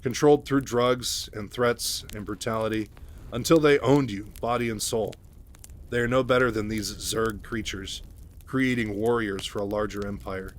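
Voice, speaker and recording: Brief: grave earnest reporter, read by a man in his low everyday voice. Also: fairly even intonation, moderate pace, natural voice. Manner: serious, earnest. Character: serious earnest male reporter.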